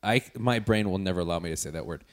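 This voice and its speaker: A man's voice: low-pitched, fast talker. A man co-hosting a podcast, casually retelling a film scene, stumbling over words and joking about it. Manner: stumbling, self-deprecating. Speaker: podcast co-host.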